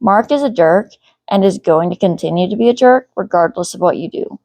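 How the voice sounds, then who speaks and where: A woman's voice: mid-range voice, fairly quick, a little mellow, no room sound, lightly acted. A woman voicing a blunt, protective teenage brother who speaks firmly.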